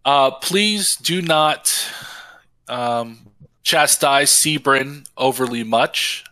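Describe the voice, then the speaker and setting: A man's voice: mid-range voice, drawn-out words, sharp tone, dry recording. A man voicing a large built construct envoy who speaks formally and politely. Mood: courteous.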